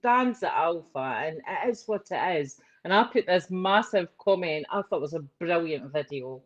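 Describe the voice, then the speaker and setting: A Scottish woman calling in for a casual chat, laughing often and talking in quick asides. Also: on the low side, expressive. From Scotland. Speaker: caller. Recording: dull lo-fi call audio.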